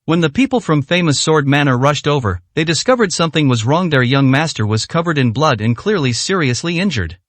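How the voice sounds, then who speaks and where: Male story narrator, fairly high, animated pitch, dry close sound. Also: fairly quick, few pauses, no room sound.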